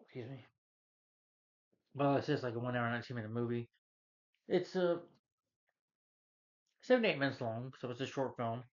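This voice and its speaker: A man's voice: mid-range voice, normal speed, long pauses. A man recapping a movie plot in a casual, rambling way, with many fillers. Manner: rambling, frequent "you know" fillers. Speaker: movie reviewer. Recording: dull lo-fi recording.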